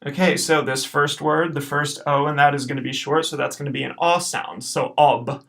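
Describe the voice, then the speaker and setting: A man teaches a recorded lesson, his voice carrying a gravelly rasp. He explains patiently and drags out each practice word slowly, cheering students on between drills. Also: a little high, steady tone, sharp tone. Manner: patient, encouraging, slows to repeat words. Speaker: Latin teacher.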